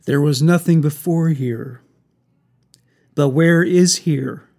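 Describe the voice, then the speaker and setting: A terrified young woman trapped in a stranger's home, panicked and pleading as a horror story is read aloud, with a man putting on her voice. Her voice sits a little high. The lines come out slow and drawn. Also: gravelly, darkish tone, exaggerated voice. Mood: frightened.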